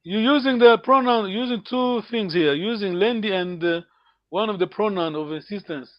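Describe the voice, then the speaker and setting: A man teaching an online language lesson, patient and encouraging, repeating words slowly for his students. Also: high voice, no echo. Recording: dull lo-fi call audio.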